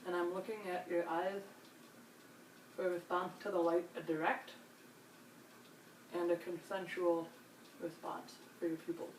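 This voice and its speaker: A woman examiner demonstrating a neurological check, giving calm step-by-step instructions and reassurance. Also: on the low side, a little slow, long pauses. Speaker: nurse examiner. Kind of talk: clinical demonstration. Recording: roomy, distant mic, faint hiss.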